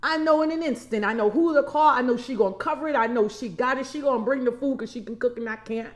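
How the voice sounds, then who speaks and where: A woman's voice: fairly high pitch, fast talker. A woman in her forties giving an emphatic motivational talk as a coach, often repeating key phrases and calling listeners y'all. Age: 40s. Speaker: vision and empowerment coach.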